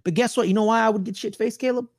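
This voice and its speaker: A man's voice: sits high, steady tone, racing, darkish tone, dry recording, clean studio sound. A man co-hosting a sports podcast, ranting in a loose, slangy way and repeating himself. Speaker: podcast co-host. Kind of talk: casual sports chat.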